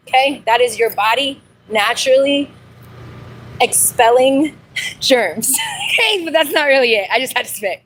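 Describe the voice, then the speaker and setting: A woman, chatting casually on a live stream from a trail while out walking, lively and laughing often. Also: fairly high pitch, a little hiss or hum, rough recording. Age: 40s. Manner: chatty, animated, laughs often, reads viewer comments aloud. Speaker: livestream host. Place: outdoor trail on a dog walk.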